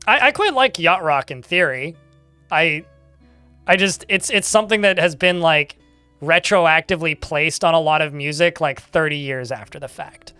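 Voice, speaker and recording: A man's voice: a little high, moderate pace, sharp tone, clean tone, no echo, soft background music. A young man streaming a game and chatting casually with his viewers, with a dry, sarcastic-sounding way of talking. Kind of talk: casual livestream chat while gaming.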